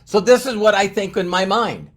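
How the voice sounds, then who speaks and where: A man's voice: high voice, moderate pace. A middle-aged man speaking as a motivational speaker, telling a story with lots of stammered repeats and restarts. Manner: animated, stammering repetitions. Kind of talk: storytelling talk.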